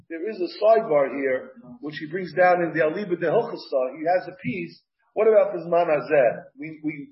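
Animated high-voiced man teaching Talmud. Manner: animated, repeats words, mixes Hebrew and Yiddish terms. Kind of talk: Talmud class lecture. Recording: dull lo-fi class recording.

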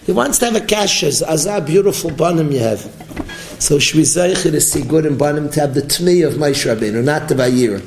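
Animated rabbi with a high-set voice. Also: male voice, fast, hardly any pauses, echoey room, a little hiss or hum, rough recording. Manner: animated, storytelling, mixes in Hebrew and Yiddish terms. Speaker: rabbi giving a Torah class. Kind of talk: sermon-style Torah lecture.

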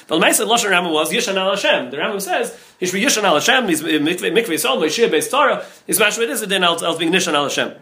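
Male rabbi lecturing on Talmud; rapid, repetitive delivery with a high, bright voice. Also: animated. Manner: rapid, repetitive, heavy with Hebrew and Yiddish terms.

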